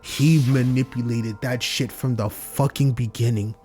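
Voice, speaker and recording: A man hosting a game playthrough, reacting loudly and swearing, calling everyone "bro". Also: mid-range voice, measured pace, soft background music. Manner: excitable, swears, says "bro". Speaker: let's play host. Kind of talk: reading game text aloud and reacting.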